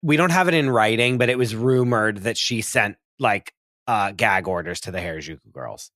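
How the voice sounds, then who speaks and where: A man's voice: fairly low pitch, expressive, normal speed, a bit bright, no echo, studio quality. Rambling man co-hosting a comedy podcast. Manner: rambling, full of "like", laughs often. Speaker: podcast co-host. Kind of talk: casual comedic chat.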